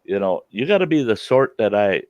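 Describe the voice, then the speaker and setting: A middle-aged man with a lowish voice hosts a casual chat outdoors by a campfire, talking fairly quickly and laughing often as he tells animated stories. The recording is dry, with a dull lo-fi sound.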